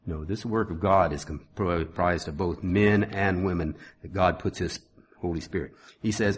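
A man's voice: deep voice, steady tone, measured pace, a little hiss or hum. A middle-aged man preaching a sermon, reading scripture with rising force and breaking into folksy asides.

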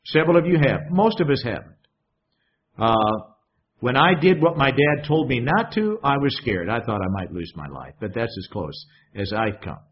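A man's voice: medium pitch, expressive, normal speed. A man preaching a sermon in a conversational way, often putting questions to the congregation. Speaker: pastor. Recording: dull lo-fi sound.

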